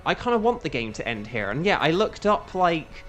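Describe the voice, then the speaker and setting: A male voice actor with a fairly high, sing-song voice chats casually to his viewers at a moderate pace while streaming a game. He rambles, is self-aware, and uses lots of fillers.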